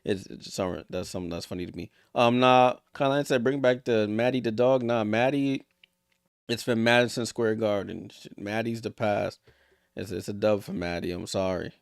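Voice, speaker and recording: Reaction host, male, gravelly low voice with a smooth finish, loose jokey asides. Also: moderate pace, dry recording, clean studio sound. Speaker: reaction streamer. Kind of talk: casual live reaction commentary.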